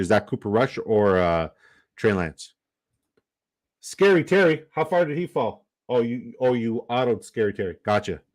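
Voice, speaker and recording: Low-voiced man rambling on a livestream. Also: a little mellow. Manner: rambling, reads chat aloud, swears casually. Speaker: fantasy football draft streamer. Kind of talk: casual livestream commentary.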